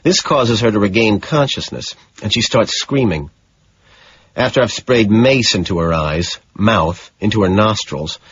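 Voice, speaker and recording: A man reading an audiobook in scripted narration, slow and matter-of-fact. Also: on the low side, husky, muffled recording.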